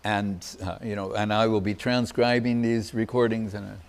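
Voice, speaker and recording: An older man giving a reminiscing devotional talk as a spiritual teacher, pausing often and searching for his words. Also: fairly low pitch, level tone, creaky, clear, resonant tone. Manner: halting, searching for words, many pauses.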